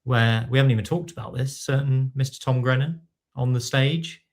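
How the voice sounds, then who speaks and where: A man's voice: medium pitch, normal speed. A man hosting a football podcast, steering the chat in a wry, teasing way. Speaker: podcast host. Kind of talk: casual chat.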